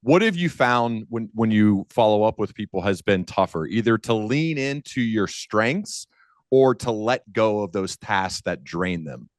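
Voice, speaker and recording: Low-voiced male host, dry sound. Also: dry recording. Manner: casual, halting phrasing. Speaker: podcast host. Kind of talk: interview questions.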